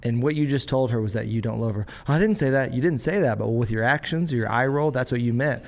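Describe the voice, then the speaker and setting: A young adult man hosting a podcast as a pastor, telling family stories in a lively way and acting out the voices of his kids and his dad. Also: mid-range voice, fast, gravelly. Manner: animated storyteller acting out family scenes. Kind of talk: casual podcast conversation.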